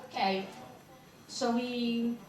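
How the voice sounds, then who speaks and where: Slow-talking woman moderator, native Italian. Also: fairly high pitch, steady tone. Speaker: panel moderator. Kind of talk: hosting a fan panel. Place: large convention hall. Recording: echoey hall, distant mic, crowd and noise.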